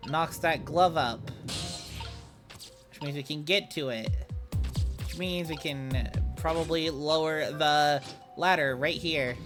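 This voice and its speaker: A woman voicing a calm, matter-of-fact male ghost in a video game, musing in a low, flat tone. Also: slow, pauses often, music in the background.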